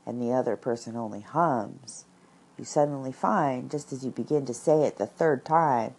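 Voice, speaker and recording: A woman voicing Winnie the Pooh, a slow and thoughtful male bear, in a storybook reading. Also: very deep voice, breathy edge, heavily acted. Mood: musing. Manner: calm, musing, encouraging. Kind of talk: storybook read-aloud.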